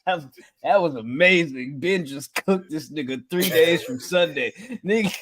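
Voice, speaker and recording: Male podcast co-host, high-ish voice, profane ribbing, casual talk. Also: animated, moderate pace, a bit bright. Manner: mock-scolding, profane ribbing.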